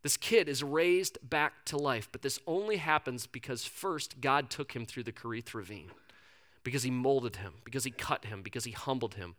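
A male pastor preaching a sermon in a conversational, animated storytelling manner. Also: mid-range voice, normal speed.

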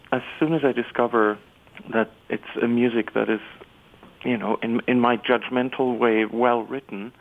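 A man who is an opera baritone, giving reflective interview answers with frequent restarts and fillers. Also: gravelly. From Canada. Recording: tinny phone-like radio sound.

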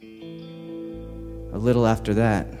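A man performs a personal story on stage before a live audience, pacing his words slowly with dramatic pauses. His voice carries long hall reverb, and soft guitar plays underneath. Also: fairly low pitch, flat delivery. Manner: slow, deliberate, dramatic pauses.

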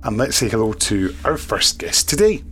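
A man hosting a podcast, briskly introducing guests and thanking contributors. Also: on the low side, sing-song, fairly bright tone. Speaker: podcast host.

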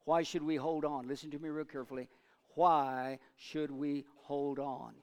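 A man's voice: little pitch movement, moderate pace, smooth. Preacher man with a resonant voice. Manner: dramatic swings between loud urging and low asides; call-and-response with congregation. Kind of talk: sermon. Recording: long reverb of a large hall.

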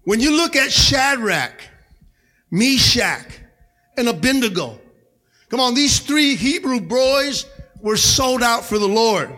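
Pastor guy preaching loud in church, real high bright voice, bit raspy, keeps going come on amen. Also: expressive, slow pace. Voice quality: a little raspy. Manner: shouting calls of "come on" and "amen" to the congregation. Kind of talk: energetic sermon. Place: church sanctuary.

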